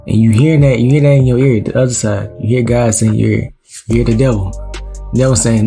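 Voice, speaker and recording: A man's voice: mid-range voice, steady tone, brisk, creaky, warm tone, faint music behind. A man reacting to a clip, explaining and preaching in casual slang and repeating his points. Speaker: reaction video host. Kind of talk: reaction commentary.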